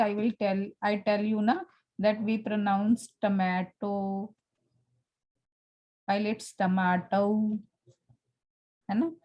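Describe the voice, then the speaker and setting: A woman's voice: mid-range voice, warm tone, poor audio. A woman with an Indian English accent, teaching an online English class and stopping often to check that her students follow.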